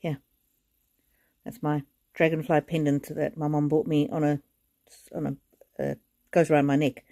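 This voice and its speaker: A woman giving a live oracle card reading, speaking gently and reassuringly to viewers in a chatty way with many fillers, often close to tears. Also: deep voice, little pitch movement, moderate pace, vocal fry, long pauses.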